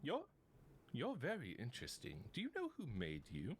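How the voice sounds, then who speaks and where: A man voicing a smooth, courteous male stranger who speaks politely and quietly, with a curious, probing manner. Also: mid-range voice, wildly swooping pitch, normal speed. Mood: intrigued. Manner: polite, curious, softly spoken.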